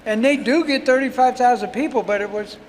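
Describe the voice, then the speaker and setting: An older man with a notably high voice tells a long, rambling story. He talks casually, with plenty of pauses and fillers. Faint noise hangs in the background of the outdoor stage. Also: poor audio. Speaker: guest storyteller. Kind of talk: casual anecdote.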